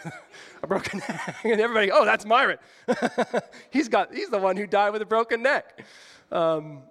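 A man's voice: on the high side, a bit bright. Man preaching in a reverberant hall. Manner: conversational, questioning the congregation, with light humor. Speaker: pastor. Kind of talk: sermon.

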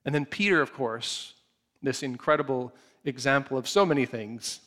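A man preaching a sermon, retelling a scripture story with animated, acted-out storytelling. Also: mid-range voice, moderate pace. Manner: animated storytelling, acts out the scene. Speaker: pastor.

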